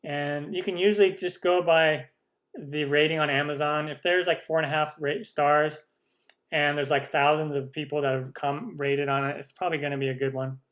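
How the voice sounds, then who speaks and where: A man runs a live question-and-answer stream for his cooking channel, reading viewer questions aloud and answering them in a chatty, enthusiastic way. His voice sits a little higher than most men's. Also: steady tone, normal speed, fairly bright tone.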